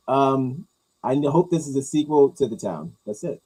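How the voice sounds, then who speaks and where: Husky guy riffing on movie news, crude jokes, pitch jumps all over, mumbles the asides. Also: lively intonation, moderate pace, dark tone, rough recording. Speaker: host reacting to movie news. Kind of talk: casual chat.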